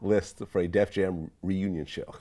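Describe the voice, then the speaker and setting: A man's voice: low voice, fairly even intonation, unhurried, dark tone. A man interviewing a comedian, asking short, casual questions and prompting follow-ups.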